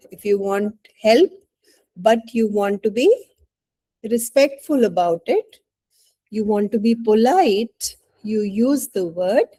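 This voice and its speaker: Slow, mellow Indian-accented woman teacher. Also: mid-range voice, rough recording. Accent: Indian English. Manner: patient, coaxing, often checks with "right?". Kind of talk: online English lesson.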